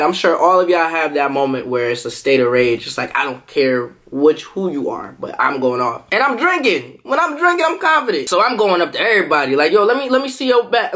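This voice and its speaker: A man vlogging to camera, telling a story in a lively, animated way and jumping into quoted voices, with features. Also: on the high side. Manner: animated, jumps into quoted voices, laughs often. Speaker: food vlogger.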